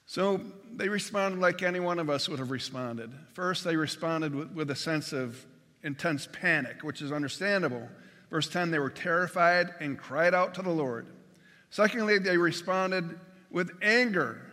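A man's voice: fairly high pitch, measured pace, bright, forceful tone, in a large hall. A man preaching a sermon as pastor, conversational and folksy, with jokes and everyday comparisons.

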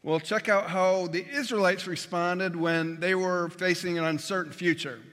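A man's voice: sits high, steady tone, normal speed, fairly bright tone, long reverb tail. A man preaching a sermon as pastor, conversational and folksy, with jokes and everyday comparisons.

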